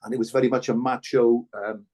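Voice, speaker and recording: An older man, a former rugby player speaking as a podcast guest, telling stories in a halting, earnest way with many restarts. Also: medium pitch, level tone, a little mellow. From Wales. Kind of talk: reflective conversational storytelling.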